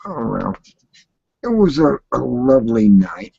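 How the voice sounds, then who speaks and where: A man's voice: mid-range voice, sing-song, measured pace, vocal fry, warm tone, slightly rough, dry recording. A man hosting a casual late-night voice chat, playful and theatrical, meowing and laughing. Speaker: chat room host. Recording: dull lo-fi dry voice chat audio.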